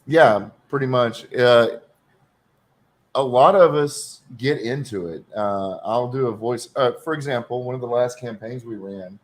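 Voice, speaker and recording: A man with a Texan accent hosting a casual stream chat, rambling with many pauses. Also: mid-range voice. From Texas. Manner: rambling, hesitant with fillers. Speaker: stream host.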